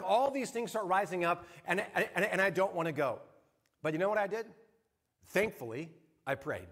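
Earnest pastor, man, slightly high voice. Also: expressive, normal speed. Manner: earnest, drops to soft hushed tones for emphasis. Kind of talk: sermon.

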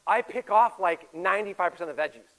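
High-voiced animated pastor in his forties. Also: fast, poor audio. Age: 40s. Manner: animated, shifts from loud emphatic to quiet intimate. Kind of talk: sermon.

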